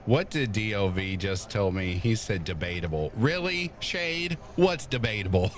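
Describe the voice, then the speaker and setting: A man chats and jokes as a podcast guest, cursing now and then. His low voice swings widely in pitch. A faint noise sits under the recording. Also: normal speed. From Kentucky, USA. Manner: animated, joking, swears casually. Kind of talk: casual chat on a live stream.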